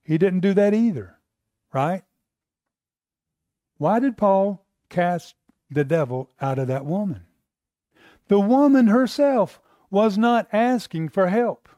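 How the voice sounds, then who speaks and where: A man's voice: sits high, lively intonation, slow, long pauses, dark tone, no room sound, clean studio sound. An American man teaching a Bible class, asking the room questions and repeating himself as he builds his points.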